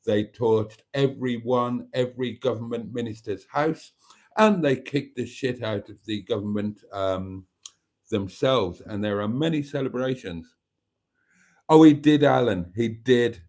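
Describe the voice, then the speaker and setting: A man's voice: medium pitch, a little slow, darkish tone. A man hosting a casual live stream, chatting and reading viewer comments aloud.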